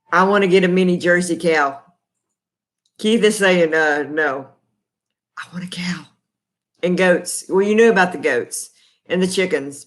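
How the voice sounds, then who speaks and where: A middle-aged Texan woman hosting a casual live stream from her kitchen table. She talks in a chatty, folksy, rambling way with lots of fillers, picked up by her laptop's microphone. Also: on the low side. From Texas. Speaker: livestream host. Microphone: laptop built-in mic.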